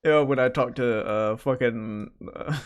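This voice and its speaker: A man's voice: mid-range voice, moderate pace. A man co-hosting a podcast, teasing crudely and bursting into laughter. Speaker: podcast co-host. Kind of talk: crude casual banter.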